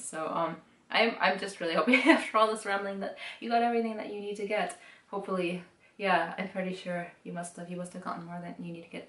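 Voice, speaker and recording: A woman's voice: mid-range voice, a bit bright, echoey room, recorded from a distance. A young woman rambling self-consciously in a casual monologue to camera, full of fillers and second thoughts. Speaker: vlogger answering typing questions.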